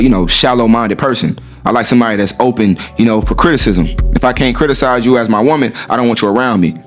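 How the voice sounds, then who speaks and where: A man in a casual monologue to his viewers, brash, profane and swaggering, who acts out what others said. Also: fairly low pitch. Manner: acts out quoted women in raised voice. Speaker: dating talk host.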